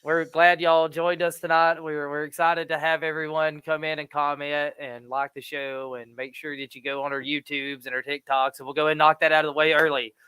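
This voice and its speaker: A man's voice: on the high side, little pitch movement, fairly quick, few pauses, pushed and bright, clean tone, no room sound. A man co-hosting a live show, loose and rambling, laughing often. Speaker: co-host. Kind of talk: casual live show banter.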